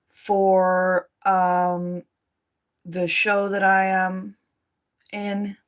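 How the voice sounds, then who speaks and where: A streamer talking casually on a live stream, with hesitant stops and fillers between thoughts. The voice sits in a middling pitch and stays fairly flat, barely rising or falling. The pace is slow and unhurried. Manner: hesitant, pausing often with fillers.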